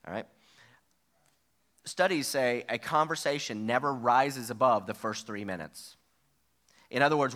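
A man's voice: mid-range voice, a bit bright. A middle-aged man preaching a sermon in a conversational way, often checking in with "okay?" and "all right?". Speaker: pastor.

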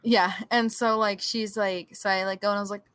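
A young woman co-hosting a podcast over a remote call, talking in a rambling, animated way with many fillers. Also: medium pitch, fairly quick, clear, resonant tone, no echo. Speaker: podcast co-host. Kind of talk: casual chat. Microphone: remote call mic.

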